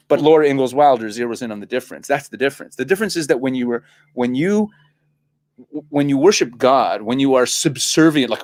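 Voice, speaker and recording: A man, a rabbi, talking as a guest on a studio talk show, animated and laughing often, restarting and repeating words as he explains. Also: mid-range voice, a little fast. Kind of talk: casual talk-show conversation.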